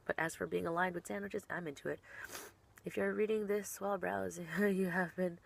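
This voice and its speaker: A woman's voice: medium pitch, normal speed, vocal fry, no echo. A young woman, a professional wrestler, chatting casually while answering online questions, bubbly and giggly and often trailing off mid-sentence.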